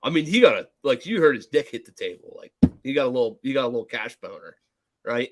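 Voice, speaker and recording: A male podcast co-host tells a rambling story in casual conversation, swearing freely and acting out the people he quotes with animated, profane energy. His medium-pitched voice moves quickly, and there's background noise.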